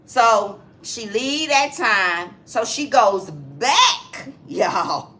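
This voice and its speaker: Woman, 40s, southern us accent, lively pitch, bright voice, animated storyteller. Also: very slow. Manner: animated retelling, acting out voices. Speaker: co-host. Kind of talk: casual storytelling chat.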